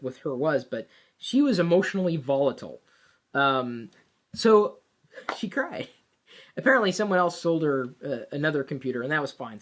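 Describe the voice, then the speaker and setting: A woman telling a personal work story in a casual, animated way, with plenty of fillers and restarts. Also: low-pitched. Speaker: vlogger.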